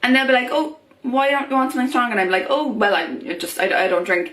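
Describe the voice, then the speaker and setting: A woman's voice: a little high, lively intonation, quick pace, a bit bright. A young woman vlogging in a chatty way, full of fillers, acting out the voices of people she quotes. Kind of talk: casual talk to camera. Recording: echoey room.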